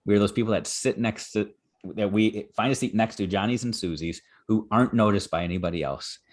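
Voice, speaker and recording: A man hosting a podcast, talking in an earnest, encouraging and animated way. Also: lowish voice, fairly quick. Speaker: podcast host. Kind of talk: conversational podcast interview.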